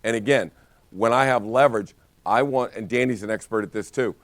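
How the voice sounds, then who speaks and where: A man with a lowish voice leads a real estate training session, recorded dry and close. He talks in an energetic, storytelling way, often restarting his sentences. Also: fairly quick, dry recording. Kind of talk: live training talk.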